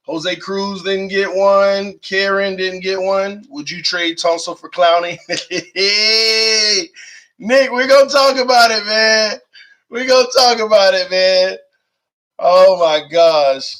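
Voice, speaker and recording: Bright-voiced man hosting a live stream. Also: high voice. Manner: animated, laughs often, reads viewer comments aloud. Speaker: live-stream host reading chat. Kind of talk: casual live-stream chat.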